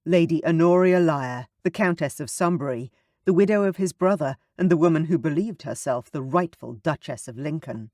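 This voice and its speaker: A man narrating a romance audiobook in an even, measured way. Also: fairly high pitch, dry recording, clean studio sound.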